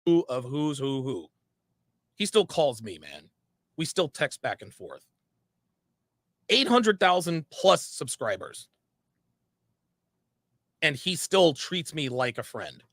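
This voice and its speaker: A man's voice: on the high side, sing-song, slow pace, pauses often, fairly bright tone, no room sound, studio quality. A man speaking frankly in a monologue, repeating phrases for emphasis. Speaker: online commentator. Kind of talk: candid monologue.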